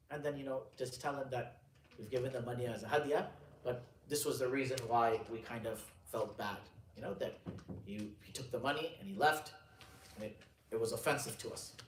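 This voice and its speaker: Recorded from a distance in a roomy space with faint ambience and slight background noise, a mid-range male Islamic scholar lectures a gathering on religion. He shares a story loosely, often saying "you know" and restarting, then turns slow and emphatic to explain sayings.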